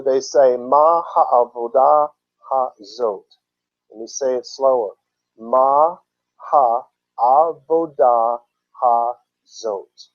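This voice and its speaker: A man's voice: medium pitch, a little mellow, lo-fi sound. A man teaching from scripture who reads passages aloud and breaks in with casual explanations. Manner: explains terms with casual asides. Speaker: Bible teacher.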